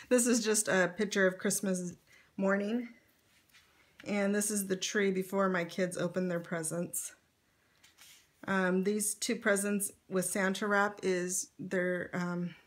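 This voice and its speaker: A middle-aged woman talks through her scrapbook pages in a loose, chatty way. She pauses on fillers and breaks into light laughs now and then. Her voice sits at an ordinary middle pitch. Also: fairly bright tone. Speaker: scrapbook vlogger. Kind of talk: casual show-and-tell narration.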